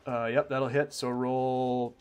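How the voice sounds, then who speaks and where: A man's voice: medium pitch, little pitch movement, takes it slowly, smooth. A man running a tabletop game as game master, calling rolls and describing combat in an easygoing way.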